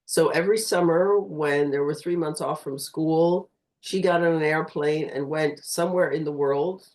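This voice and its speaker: A woman's voice: low voice, moderate pace, darkish tone, low-quality recording. An older woman from Pennsylvania, joining an online group talk over a video call and fondly sharing a school memory. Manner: fond, reminiscing. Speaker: participant.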